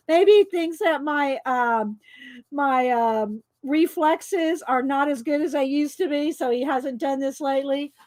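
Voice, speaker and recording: Middle-aged woman, higher voice, loud chatty storyteller, laughs a lot. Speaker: coloring video host. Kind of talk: casual chat while coloring.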